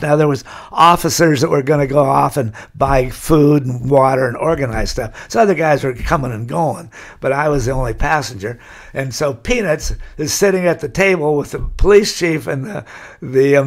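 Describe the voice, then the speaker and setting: Older man telling a rambling story. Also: on the high side. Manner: rambling anecdotal, with frequent uh fillers and restarts. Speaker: podcast guest. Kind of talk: casual storytelling interview.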